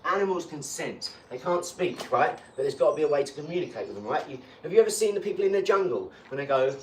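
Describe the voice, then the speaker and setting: A man's voice: on the high side, quick pace. Boastful rambling man, roomy sound. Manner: boastful, rambling, animated rants. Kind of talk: casual live chat. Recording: echoey room, far from mic, faint hum.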